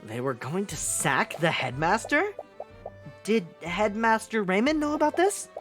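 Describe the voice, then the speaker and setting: An earnest young male attorney from a visual novel game, read by a woman. He questions people in a measured, inquisitive way. His voice rises and falls widely. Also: mid-range voice, big pitch swings, soft background music. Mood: questioning. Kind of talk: voicing a visual novel character.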